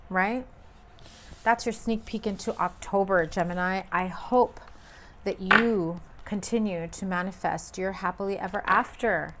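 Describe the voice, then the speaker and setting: A woman's voice: mid-range voice, steady tone, normal speed, background noise. A woman giving a casual tarot reading, talking bluntly and emphatically with frequent swearing. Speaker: tarot reader.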